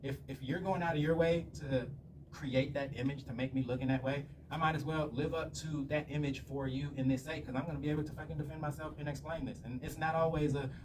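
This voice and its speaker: Fast-talking profane man ranting. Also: a little high, fairly even intonation. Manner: profane, rambling storyteller. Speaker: vlogger. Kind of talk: casual rant monologue. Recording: slightly distant mic with faint room noise.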